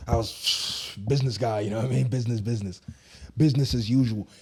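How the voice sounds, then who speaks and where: A man's voice: mid-range voice, steady tone, fast talker, slight background noise. A young man co-hosting a casual podcast, talking in laid-back slang and trailing off into mumbles. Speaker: podcast co-host. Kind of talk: casual chat.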